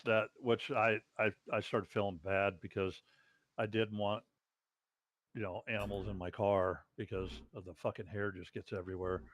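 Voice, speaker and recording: Low-voiced, laid-back man in casual chat. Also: fairly even intonation, moderate pace, no room sound. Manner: laid-back, short agreeing replies.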